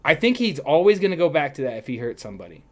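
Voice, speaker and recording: A man co-hosting a podcast in casual chat, excitable and profane, breaking into quick mocking voices. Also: on the high side. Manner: excitable, swears freely, slips into quick mock voices. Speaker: podcast co-host.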